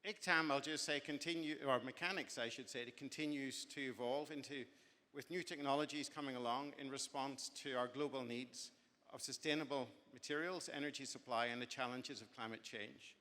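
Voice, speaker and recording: Man, genial after-dinner speaker, rambling and self-correcting, bright tone, long hall reverb. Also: mid-range voice, steady tone, a little fast. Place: banquet hall.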